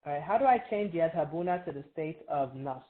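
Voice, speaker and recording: Woman teacher, low register, patient quizzing style, phone-quality audio. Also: expressive, fairly quick. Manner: patient, quizzes students, frequent "right?" checks. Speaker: Arabic teacher. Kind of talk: classroom review lesson. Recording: tinny phone-like online call.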